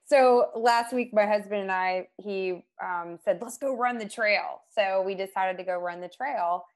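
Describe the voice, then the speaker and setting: Lively, emotional woman telling a story. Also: medium pitch, measured pace. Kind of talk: casual chat.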